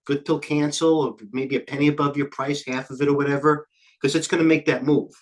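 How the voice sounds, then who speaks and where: An older man hosting a live trading stream, talking quickly and jumping between stock tickers, a little out of breath. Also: on the high side, flat delivery. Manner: rapid, scattered, jumps between tickers. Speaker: trading show host. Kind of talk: live market commentary.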